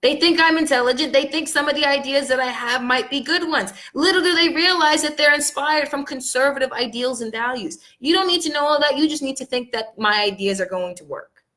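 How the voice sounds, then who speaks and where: A woman vlogger talking straight to her viewers in a heated, venting monologue, upset and angry, her voice swinging from loud outbursts to quiet, low lines. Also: fairly quick. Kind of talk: casual monologue to camera.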